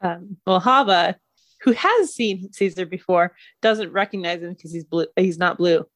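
Animated female player, bouncy pitch, dry close sound. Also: a little slow, no room sound. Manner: animated, playful. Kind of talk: tabletop role-play.

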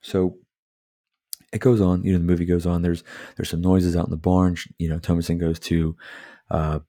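Low-voiced rambling man, casual podcast host. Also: little pitch movement, moderate pace, dark tone, no room sound, clean studio sound. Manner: rambling, heavy on filler words and profanity; drinking beer while talking. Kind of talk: casual movie review chat.

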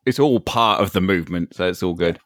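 Male player, lower pitch, hesitant and musing, dry recording. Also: brisk, a bit bright, no echo. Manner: hesitant, thinking aloud with many fillers. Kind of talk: describing his character's actions.

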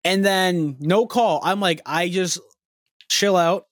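A man's voice: sits high, slow, dry recording, studio quality. A young man telling a long rambling story on a podcast, swearing freely and getting worked up. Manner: animated, profane, rambling storytelling. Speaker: podcast co-host.

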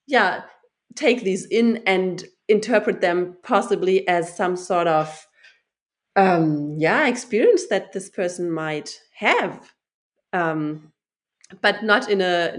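A woman's voice: fairly low pitch, lively intonation, takes it slowly. A woman in casual conversation who hesitates, searches for her words and laughs often. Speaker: discussion participant.

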